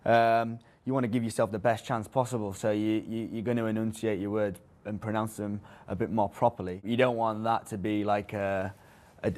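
A man's voice: fairly low pitch, a little mellow. A young man speaking casually and a bit hesitantly in an interview.

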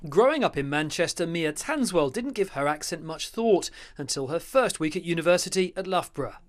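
A man reporting a news package in a measured, scripted narration. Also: on the high side, animated.

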